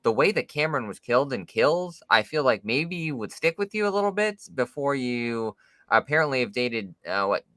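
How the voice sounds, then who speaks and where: A man co-hosting a podcast, talking through a film in halting, casual chat with many fillers. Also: mid-range voice, very animated, a bit bright, dry recording. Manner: hesitant, halting with restarts and fillers. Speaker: podcast co-host.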